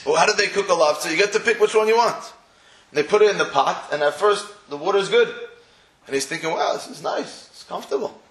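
A man's voice: sits high, fast, fairly bright tone, reverberant. A man giving a sermon in story form, acting out the voices he quotes and mixing in Hebrew and Yiddish terms. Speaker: religious speaker. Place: room in England.

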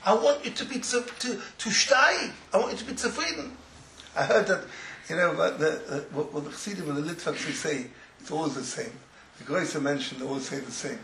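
A man who teaches religious students, giving an informal Torah talk as an animated storyteller who laughs through his words and drops in Yiddish phrases. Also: fairly high pitch, fairly quick, slight background noise. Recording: roomy echo, faint ambience.

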